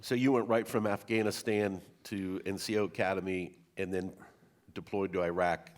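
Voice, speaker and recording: Deep-voiced male interviewer. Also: steady tone, moderate pace. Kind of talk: interview questions.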